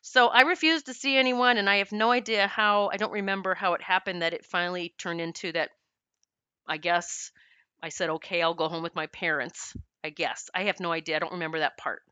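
A woman's voice: lowish voice, fairly even intonation, a little fast, sharp tone, clear, resonant tone, no room sound. A middle-aged woman telling her life story candidly, laughing often and acting out what people said. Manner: acts out quoted voices of herself and others. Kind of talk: personal storytelling to camera.

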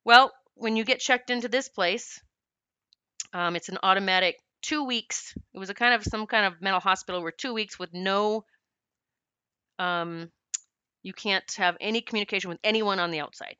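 A middle-aged woman tells her own story, candid and animated, laughing often and swearing now and then. Her voice is bright and smooth, with no room sound around it. She drops into other people's voices as she quotes them. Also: mid-range voice, moderate pace, no echo, lo-fi sound. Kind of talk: personal storytelling to camera.

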